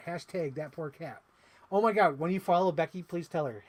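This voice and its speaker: A man chatting casually on a live stream while unboxing toys, rambling and excitable with lots of "like.". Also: fairly high pitch, normal speed. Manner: rambling, excitable, heavy use of "like". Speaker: toy collector streamer.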